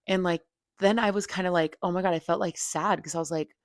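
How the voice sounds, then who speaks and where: Blunt young woman with a low, gravelly voice. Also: fairly even intonation, brisk, no room sound, studio quality. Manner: blunt and frank, heavy filler "like", swears freely. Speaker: podcast host. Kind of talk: candid opinion monologue.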